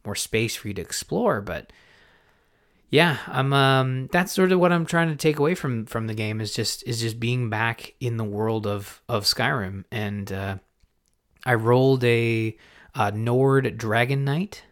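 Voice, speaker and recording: A man hosting a gaming podcast in a casual, rambling way, often stopping himself mid-thought and getting excited. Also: medium pitch, unhurried. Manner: rambling, self-interrupting, excitable. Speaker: podcast host. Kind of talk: casual chat.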